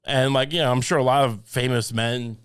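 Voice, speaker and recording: A man's voice: medium pitch, steady tone, brisk, clean tone, no room sound, clean studio sound. A man co-hosting a podcast, rambling and joking, often laughing through his lines. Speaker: podcast co-host. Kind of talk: casual chat.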